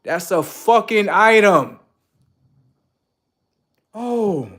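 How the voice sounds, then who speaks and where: A man livestreaming blunt, profane relationship advice, lecturing viewers as "sir" and swinging between loud outbursts and low mutters. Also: animated, moderate pace. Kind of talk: casual livestream monologue.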